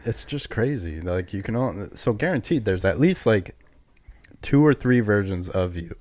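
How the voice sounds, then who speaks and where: A man from southeastern Massachusetts, co-hosting a podcast in casual chat, laid-back and quick to laugh. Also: fairly low pitch, expressive, darkish tone. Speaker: podcast co-host.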